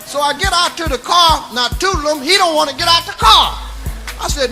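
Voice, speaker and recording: A man's voice: very high-pitched, normal speed, music in the background. A man telling a raunchy comic story in a sing-song, drawling way, often breaking into laughter.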